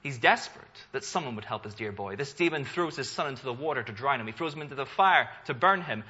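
A male pastor preaching a sermon in an earnest, emphatic way, his slightly husky voice bright and forceful. He asks rhetorical questions and lets his delivery swell. The recording sounds a little dull and lo-fi. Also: medium pitch, animated, quick pace.

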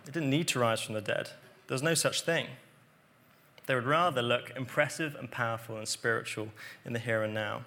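A man preaching a sermon, explaining scripture earnestly and dropping to quiet emphasis on key points. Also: medium pitch, brisk.

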